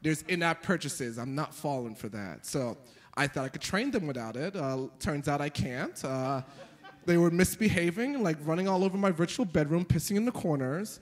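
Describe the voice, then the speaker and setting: A young man performing a stand-up comedy set, telling stories with animated delivery and jumping into high squeaky voices for the characters. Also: moderate pace. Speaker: stand-up comic.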